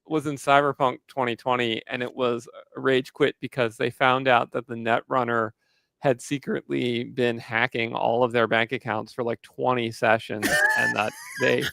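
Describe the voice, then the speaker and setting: A man on a video call panel, telling game stories in an animated, casual way and acting out his players' shouts. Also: medium pitch, moderate pace, vocal fry, dry recording. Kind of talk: casual storytelling.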